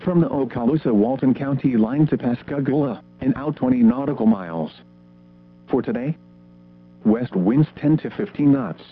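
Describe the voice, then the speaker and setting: A man's voice: mid-range voice, husky. Synthetic male voice reading a forecast. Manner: measured, even, list-like delivery. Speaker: weather forecast reader. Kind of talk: scripted marine weather forecast. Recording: tinny phone-like band with faint guitar music.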